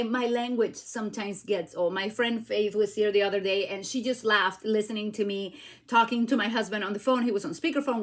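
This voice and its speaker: Lady doing a live stamping demo, kinda high voice, chatty and excitable. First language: Spanish. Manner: chatty and exclamatory, with frequent "like" and "okay?". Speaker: stamping demonstrator. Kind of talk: casual live craft demo.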